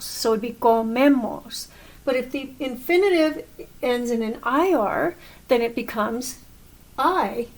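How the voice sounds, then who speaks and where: A woman teaching a grammar lesson, explaining slowly and patiently and correcting herself as she goes. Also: fairly high pitch. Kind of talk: recorded classroom lesson.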